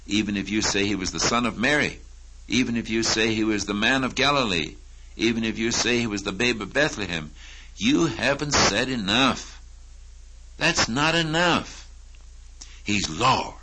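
A man with a very low voice preaching a sermon, his tone bright and forceful. He teaches slowly through a Bible passage and presses his questions home with emphasis. A faint hiss sits under the recording. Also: rough recording.

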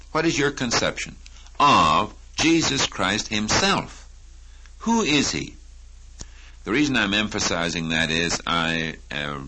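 A man preaching a sermon, teaching slowly from a Bible passage and rising to emphatic questions. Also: sits low, background noise.

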